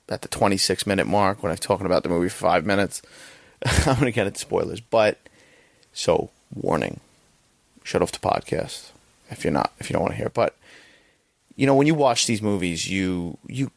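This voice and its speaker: A man's voice: fairly low pitch, vocal fry, no echo. A young man hosting a podcast, giving a rambling, profane casual movie review and often checking in with "right?". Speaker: podcast host.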